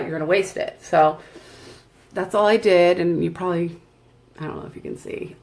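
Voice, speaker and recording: A woman's voice: low-pitched, gravelly. A woman at home chatting casually while doing her makeup in front of a camera, rambling and laughing often. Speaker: makeup vlogger and seller. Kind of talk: casual tutorial chat.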